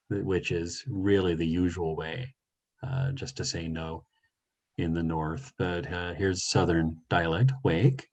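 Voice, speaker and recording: Brief: very low-voiced man, unhurried teacher explaining word by word, dull lo-fi call audio. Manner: thoughtful, teacherly, pauses with many uhs. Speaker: session leader. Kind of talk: language lesson, reading and explaining a story.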